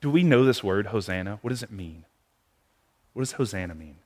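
A man preaching a sermon in a conversational way, moving between hushed, quiet passages and near-shouted ones. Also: on the low side, animated, a little fast. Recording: long reverb of a large hall.

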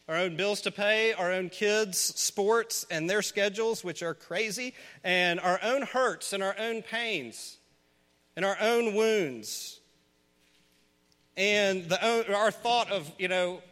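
High, bright-voiced man preaching a sermon. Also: big-room sound. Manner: earnest, builds to loud pleading questions. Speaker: pastor.

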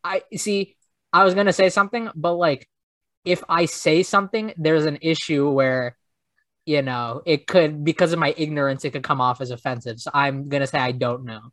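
A man's voice: on the high side, steady tone, normal speed, a bit bright, dry recording. A young man hosting a casual podcast, rambling and hesitant, poking fun at himself. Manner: rambling, hesitant, self-deprecating. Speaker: podcast host. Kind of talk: casual chat.

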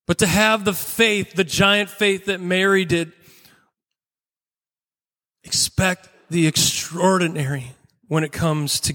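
Guy preaching, higher voice, kinda bright, earnest storytelling with pauses, big echoey hall. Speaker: pastor. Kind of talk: sermon.

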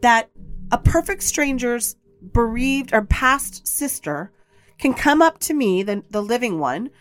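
A woman's voice: on the high side, lively intonation, a little slow, faint music behind. A woman hosting a podcast, telling a personal story in a candid, emphatic way, repeating her points and sometimes swearing. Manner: blunt, occasionally swears. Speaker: podcast host.

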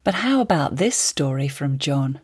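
Low-voiced woman podcast host. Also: big pitch swings, moderate pace, breathy edge, no room sound, clean studio sound. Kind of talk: scripted narration and interview.

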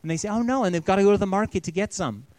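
A man in his thirties, a pastor giving an earnest storytelling sermon that often drops to a hush. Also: sits high, rapid-fire, dry recording.

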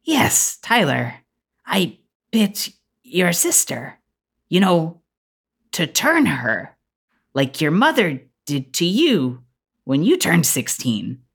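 A woman's voice: fairly low pitch, huge pitch swings, slow pace, creaky, long pauses, breathy edge, pitched above the performer's own voice, full character voice. Lady doing a chill elegant vampire mom, totally matter-of-fact. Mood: calm. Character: Katia, calm elegant vampire mother.

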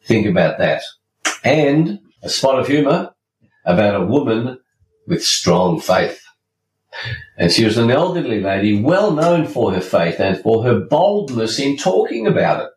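A man's voice: mid-range voice, big pitch swings, measured pace, a little mellow, slight background noise. A man hosting a podcast, delivering a scripted monologue in an emphatic, preachy way and slipping in jokes. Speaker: podcast host. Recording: roomy, distant from mic, faint ambience.

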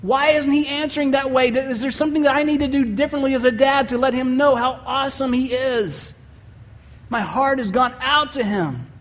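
A man's voice: very high-pitched, moderate pace, a bit bright, big-room sound. A man preaching a sermon as pastor, telling a story and acting out the voices he quotes.

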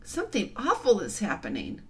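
A woman's voice: medium pitch, huge pitch swings, brisk, a little mellow, voice pushed up. A woman reading aloud and voicing an anxious older girl who asks tense, worried questions. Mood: afraid.

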